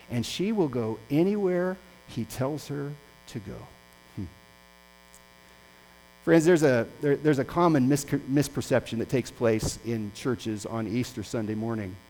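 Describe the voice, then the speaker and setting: A male pastor preaching a sermon, impassioned and swinging between loud and hushed. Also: mid-range voice, rough recording.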